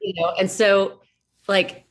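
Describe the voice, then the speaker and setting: A woman's voice: mid-range voice, flat delivery, slow pace. A woman voice actress chatting in an interview, playful and self-mocking, often restarting her sentences. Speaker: voice actress guest. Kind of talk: casual interview chat.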